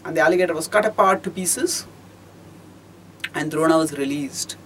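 A man with a high voice gives a storytelling lecture as a teacher of scripture. He speaks in a measured, explanatory way, stopping often to rephrase. A faint noise sits behind him. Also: a bit bright, rough recording.

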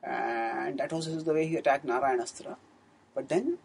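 A man's voice: mid-range voice, unhurried, gravelly, slight background noise, low-quality recording. A man giving a scriptural storytelling discourse as a spiritual teacher, in an earnest manner, often correcting himself. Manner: earnest, fluent retelling with frequent self-corrections.

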